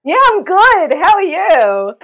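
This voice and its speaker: Guest: middle-aged Australian woman, lively, laughing, rambling and candid. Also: very high voice, slow. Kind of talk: casual chat.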